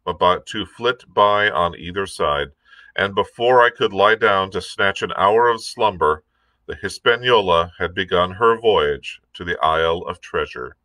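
A male librarian reading a classic adventure novel aloud, unhurried, with the occasional filler and slip. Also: on the low side, sharp tone, no echo. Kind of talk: storybook read-aloud.

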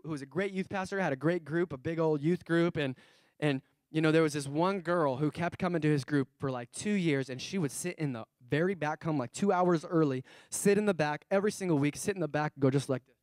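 A pastor preaches a sermon through stories, swinging animatedly between soft asides and loud emphatic bursts and slowly repeating key phrases for emphasis. His voice is fairly high, recorded with clean studio sound and no echo.

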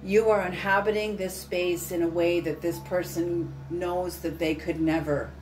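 Through a distant mic in a roomy space with soft music and slight background noise, a tarot reader offers an intuitive reading. She has a lowish, steady voice, a little slow, and she is earnest and emphatic, repeating her points with the odd swear.

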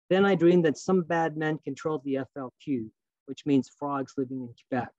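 Man reading aloud, slightly high voice. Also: darkish tone, dry recording, muffled recording. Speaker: author. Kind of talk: reading aloud from his novel.

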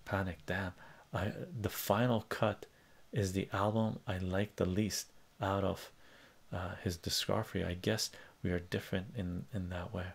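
Gravelly low-voiced man chatting on stream. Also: little pitch movement, measured pace. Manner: rambling and conversational, many fillers and restarts, reads lyrics aloud. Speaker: live stream host. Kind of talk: casual live-stream chat, reading chat messages.

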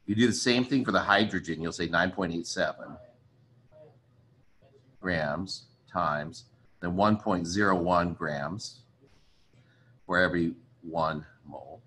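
A man with a fairly low voice gives a relaxed chemistry lecture. He thinks aloud as he works through problems and apologizes often. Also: slow, pauses often. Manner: chatty, apologetic, thinks aloud while writing. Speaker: chemistry teacher. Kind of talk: casual recorded lecture.

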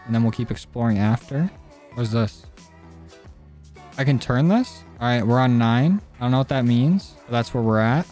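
A young man talks through his game in a loose, joking way, swearing and getting excitable. His pitch sits in the middle of the male range. He speaks into a desk mic, with faint music running behind him. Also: moderate pace. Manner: jokey, cursing, excitable. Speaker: gaming YouTuber. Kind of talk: casual gameplay commentary.

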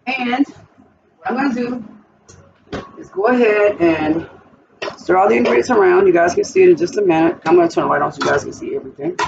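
A woman with a gravelly voice chats the viewer through a recipe in her home kitchen. She sits well back from the mic, and the recording sounds dull and muffled, with steady noise behind her. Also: medium pitch, far from the mic. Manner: chatty, talks the viewer through each step. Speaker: cooking channel host. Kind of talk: casual cooking vlog.

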